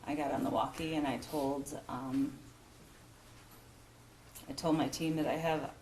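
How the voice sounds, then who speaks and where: A low-pitched woman gives witness testimony in a courtroom, her account halting and full of restarts. The room is echoey, with faint background hiss. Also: steady tone, darkish tone. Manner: halting, emotional, many restarts and fillers. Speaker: witness, school principal. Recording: roomy courtroom broadcast audio.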